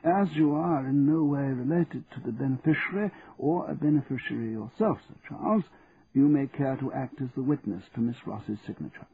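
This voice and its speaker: A man's voice: medium pitch, moderate pace, voice pushed up, lightly acted. A man playing a formal, courteous old male lawyer with a dry, precise manner in an audiobook, heard over a tinny line. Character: formal elderly male solicitor. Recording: tinny narrow band, faint hiss.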